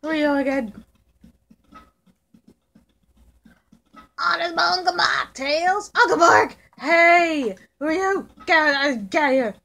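A woman voicing a hyper, cheerful young male fox kid in in-character game commentary, excitable and pushy. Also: sits high, normal speed, creaky. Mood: excited. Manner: excitable, bouncy, keeps shouting questions at passers-by.

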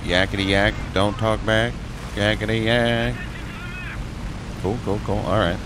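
A young man talks over his own gameplay, mostly in a lowish, muttered play-by-play. He breaks into high, jokey yelps whenever the fight turns bad. A faint hum of game engines sits under his voice. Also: measured pace. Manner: excitable, jokey, yelps high when in trouble. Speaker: gaming streamer. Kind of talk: gameplay commentary.

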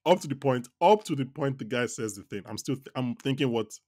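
Man co-hosting a lively TV recap. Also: medium pitch, a little fast, dry recording, studio quality. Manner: animated, laughs often, stops and restarts his sentences. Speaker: podcast co-host. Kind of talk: casual TV recap chat.

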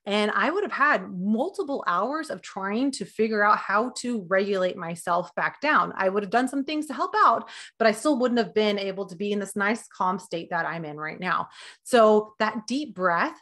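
A woman in her thirties talks through sleep and stress advice as a dietitian. Her delivery is loose and conversational, full of fillers, asides and little re-enacted quotes. Her voice sits at an ordinary middle pitch for a woman. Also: expressive, moderate pace, a bit bright. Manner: chatty, lots of fillers and acted-out quotes. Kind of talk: casual health advice talk.

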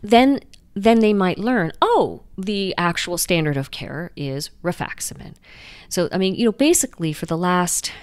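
A woman doctor answering interview questions in a lively, explanatory way, often restarting sentences. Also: mid-range voice, clear, resonant tone, dry recording. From United States. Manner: lively, explanatory, frequent restarts and "you know". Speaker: guest doctor.

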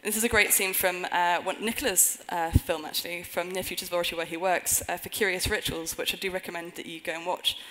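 Woman speaker, lowish voice, earnest conference talk with dry jokes thrown in. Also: steady tone, fast, few pauses, fairly bright tone, slight background noise, low-quality recording. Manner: earnest, with wry humorous asides. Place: conference stage before an audience.

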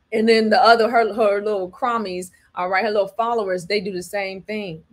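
A woman's voice: mid-range voice, moderate pace. Emphatic woman preaching to her viewers. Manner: preachy, repeats "all right" and "do you understand me", acts out quotes. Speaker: host. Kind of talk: emphatic commentary monologue.

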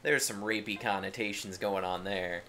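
Sardonic low-voiced man cohost. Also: steady tone, normal speed, sharp tone. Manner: sardonic and crude, swears freely. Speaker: podcast co-host. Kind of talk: casual movie-review chat.

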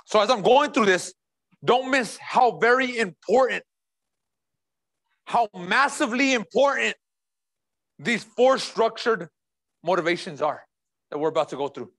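A man's voice: high voice, animated, a little slow, pauses often, fairly bright tone. A man preaching a sermon as pastor, emphatic and repeating key phrases while speaking straight to the congregation.

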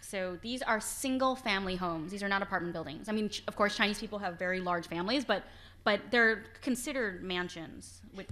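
A woman author giving an informal lecture with slides, chatty and animated, laughing often and restarting her sentences. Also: medium pitch. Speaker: author giving a book talk. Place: library event hall.

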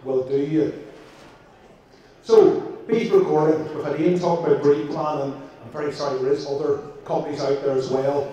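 A man's voice: fairly high pitch, fairly even intonation, moderate pace, warm tone, highs cut off. A man with a Northern Irish accent, a vet giving a jokey presentation to an audience with frequent fillers. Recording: echoey room, distant mic.

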